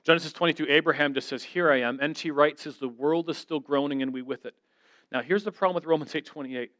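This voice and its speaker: A middle-aged man, speaking as a guest preacher, delivers an earnest sermon in a conversational way, sharing stories and putting on voices for the people he quotes. His voice leans high and a little bright, he speaks quickly, and the audio is dry with no echo.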